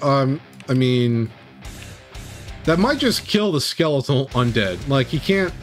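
A young man running and narrating a tabletop game, animated and often laughing. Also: mid-range voice, takes it slowly, soft background music. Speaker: game master and streamer.

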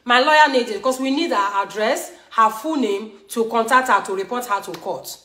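A woman's voice: fairly high pitch, moderate pace, pushed and bright. A woman from Edo State in Nigeria with a Nigerian English accent, talking heatedly and repetitively to her viewers as a show host. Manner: emphatic, scolding, repetitive. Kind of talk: heated live talk to viewers. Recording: roomy echo.

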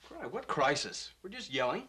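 An actor playing a young lawyer husband in a 1960s film comedy, dry and teasing. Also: male voice, on the high side, big pitch swings, moderate pace, bright, forceful tone, husky, heavily acted. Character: dry, unflappable young newlywed lawyer, man.

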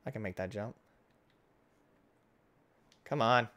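A man hosting his gaming channel, giving casual let's-play commentary, excitable and swinging between loud outbursts and hushed muttering. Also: lowish voice, slow.

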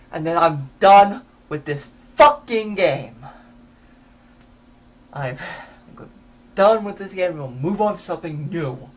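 A man hosting a retro gaming show, commenting on his play, swearing, shouting and laughing in frustration. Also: high voice. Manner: swearing, yelling and laughing in exasperation. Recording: faint music under voice.

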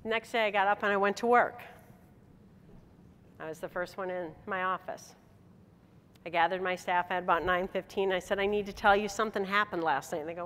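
A middle-aged woman from Michigan gives a motivational convention speech, telling a personal story in a brisk, medium-pitched voice with long pauses. She is animated, laughs, and acts out dialogue. Hall reverb colors the stage audio, along with a little hiss or hum.

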